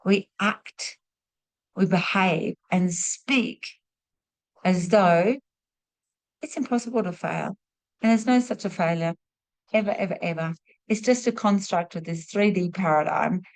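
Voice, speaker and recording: Female teacher hosting a class on a video call, warm and encouraging. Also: fairly low pitch, a little slow, long pauses. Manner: warm, repeats praise words in threes. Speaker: host and spiritual teacher. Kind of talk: live online class, leading a sharing round.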